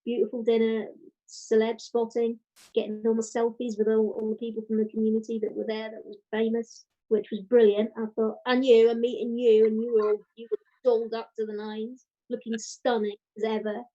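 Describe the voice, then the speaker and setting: A woman guest chatting in a casual interview, telling a story with lively quoted voices. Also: fairly high pitch, a little fast, dull audio. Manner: animated storytelling, quoting others. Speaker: guest, writer and podcaster.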